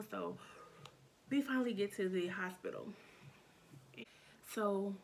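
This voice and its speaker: A young woman telling a painful personal story in a halting, emotional way, with many restarts and fillers. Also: medium pitch, fairly even intonation, vocal fry, a little hiss or hum. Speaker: storytime vlogger.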